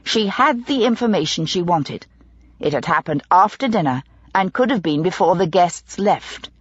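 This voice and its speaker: Brief: husky female narrator, measured storytelling, dull lo-fi dry sound. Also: on the low side, lively intonation, dry recording. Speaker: audiobook narrator. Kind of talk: scripted narration.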